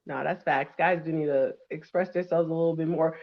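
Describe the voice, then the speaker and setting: A woman's voice: low-pitched, fairly even intonation, a little fast. Laughing woman in her thirties. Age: 30s. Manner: laughs often, acts out quotes. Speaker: podcast co-host. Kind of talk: casual chat. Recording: slightly dull lo-fi sound.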